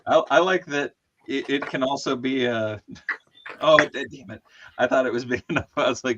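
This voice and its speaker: A man hosting a casual chat while opening toys, excitable, laughing and swearing as he talks. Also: mid-range voice, moderate pace, muffled recording, very noisy. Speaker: podcast host.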